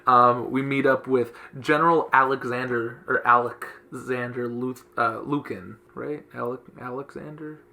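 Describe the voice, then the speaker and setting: A man's voice: medium pitch, fairly even intonation, a little slow, creaky, few pauses, pushed and bright, a little hiss or hum. A man hosting a podcast, chatting casually and hesitantly about a comic book, with many ums and restarts. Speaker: podcast host.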